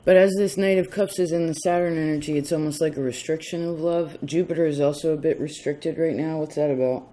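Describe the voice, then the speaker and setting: Casting: man, somewhat high voice, loose conversational tarot reader who wanders off on tangents. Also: fairly even intonation, a little fast, few pauses, dark tone. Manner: rambling, chatty, self-interrupting. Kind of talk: casual tarot reading.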